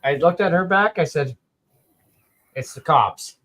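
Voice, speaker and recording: A man in his thirties hosts a casual chat and tells his own stories in a laid-back way. His voice sits a little higher than most men's. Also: unhurried, a bit bright. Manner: laid-back, chatty, affirming.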